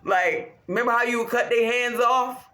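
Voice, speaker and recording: A woman ranting casually to her viewers, swearing heavily, animated and laughing often. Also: on the high side, normal speed. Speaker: vlogger. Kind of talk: casual rant to camera. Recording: roomy echo.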